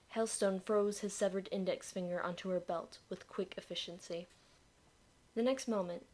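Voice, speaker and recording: A woman narrating a dark fantasy story in a measured, expressive reading. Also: fairly low pitch.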